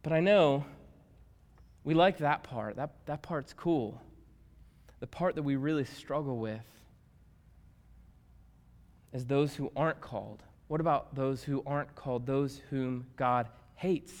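A man preaching a sermon as a pastor, swinging from hushed tones to loud emphatic shouts. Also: medium pitch, unhurried, long pauses. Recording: long reverb of a large hall.

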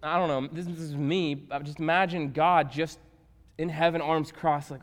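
A man preaching a sermon as a pastor, swinging from hushed tones to loud emphatic shouts. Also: on the high side, steady tone, normal speed. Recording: long reverb of a large hall.

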